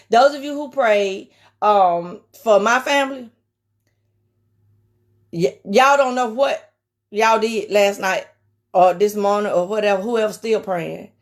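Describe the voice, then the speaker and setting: In a casual sermon streamed live, a woman speaks with a raspy, twangy country voice pitched on the high side. Emphatic throughout, she keeps repeating key phrases and greets viewers by name.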